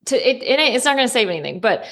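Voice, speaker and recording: A woman's voice: fairly high pitch, sing-song, rapid-fire, a bit bright. A woman and parent co-hosting a casual podcast, talking emphatically about a show's emotional scenes. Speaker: podcast co-host. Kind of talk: casual pop-culture discussion.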